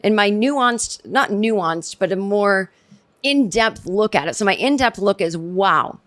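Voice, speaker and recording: A woman's voice: mid-range voice, animated, measured pace, fairly bright tone. Woman, middle-aged, podcast comic host; sardonic, digressive monologue with frequent restarts. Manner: sardonic, rambling, self-interrupting. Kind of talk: solo comedic podcast monologue.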